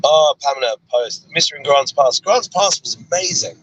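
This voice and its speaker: A man's voice: on the high side, expressive, a little fast, a bit bright, a little hiss or hum, poor audio. Easygoing male host reading live comments. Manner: easygoing, reads comments aloud with a chuckle. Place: inside a moving car on a road trip.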